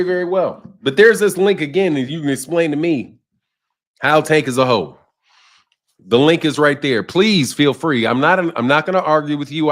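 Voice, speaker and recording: A man's voice: fairly high pitch, a bit bright. A man casually talking boxing on a livestream, reading and answering chat comments, often repeating himself. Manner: conversational, repeats himself, addresses chat by name.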